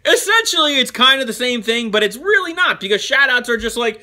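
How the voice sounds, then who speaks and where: A man hosting a toy show, reading fan mail in a chatty, animated way with frequent laughs and asides. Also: very high voice, brisk. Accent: New Jersey.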